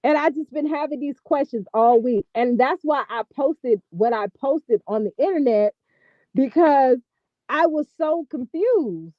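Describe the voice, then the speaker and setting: A woman giving casual gossip commentary on a vlog, talking in an animated, profane, exasperated ramble. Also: sits high, a little slow, no room sound, muffled recording. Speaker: vlogger.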